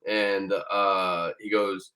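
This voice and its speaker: A young man with a slightly low voice tells his story as a podcast guest. His talk is loose and profane, full of fillers and false starts. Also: little pitch movement, very slow, pushed and bright, low-quality recording. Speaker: podcast guest, former Marine. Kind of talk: casual storytelling.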